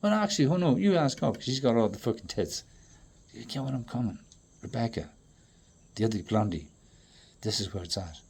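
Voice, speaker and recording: A man in a rambling, profane monologue that swings between loud outbursts and low mutters. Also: animated, a little fast, slight background noise.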